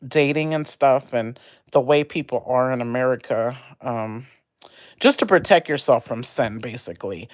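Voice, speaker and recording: A woman's voice: extremely low pitch, no room sound. Brief: young woman, casual livestreamer, rambling and heated, dry close sound. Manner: rambling, animated, venting about an argument. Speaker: livestream host.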